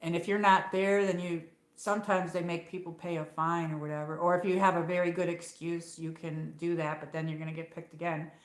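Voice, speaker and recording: A woman from upstate New York, speaking with her regional accent, hosts a late-night livestream on her phone and tells a rambling story packed with fillers and the occasional swear. Her voice is fairly low and level, fairly quick, and sounds reverberant.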